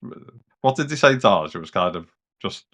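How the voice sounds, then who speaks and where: British bloke on a gaming podcast, slightly low voice, loose rambly chat, swears a bit. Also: male voice, animated, moderate pace, fairly bright tone. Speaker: podcast co-host.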